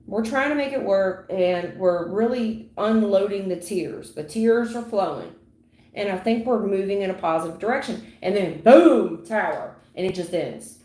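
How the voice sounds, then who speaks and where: A woman giving a livestream tarot reading in a dramatic, repetitive way, acting out sudden endings with loud exclamations. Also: mid-range voice. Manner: dramatic, repetitive, full of sound effects. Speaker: tarot reader. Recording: echoey room.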